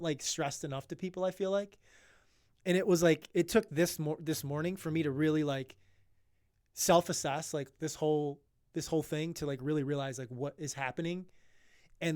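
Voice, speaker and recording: A man's voice: on the high side, darkish tone, no room sound, studio quality. A young man co-hosting a podcast, talking in an earnest, rambling way with many restarts, emotional about his topic. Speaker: podcast co-host. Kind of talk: casual podcast chat.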